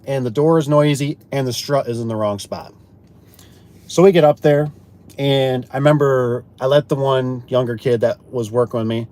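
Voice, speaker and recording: A man speaks in a loose, chatty way about his trade as a garage door installer, with a voice in the middle range for a man. He slips into the voices of customers and co-workers as he tells his stories, and he often stumbles and repeats a word before he goes on. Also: medium pitch. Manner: animated, acts out quoted customers and himself; repeats words when restarting. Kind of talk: casual storytelling chat.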